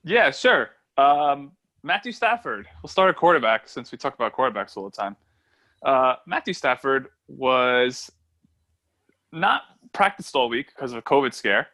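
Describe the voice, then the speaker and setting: A man's voice: medium pitch, sing-song, moderate pace, pushed and bright. A man co-hosting a casual podcast with friends, playful and wisecracking. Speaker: podcast co-host. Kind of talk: casual group podcast chat.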